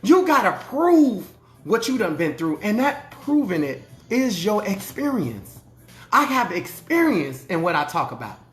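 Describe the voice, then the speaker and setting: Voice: medium pitch, very animated, a little slow, fairly bright tone. A preacher and life coach giving a motivational sermon in an emphatic, colloquial style, driving points home with repeated refrains. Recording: roomy echo.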